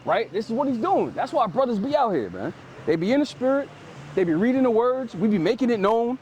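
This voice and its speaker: A man's voice: very high-pitched, fairly quick, a little hiss or hum. A man preaching outdoors, explaining scripture in loose street slang and tagging phrases with "man". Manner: lively and emphatic, paraphrases scripture in street speech.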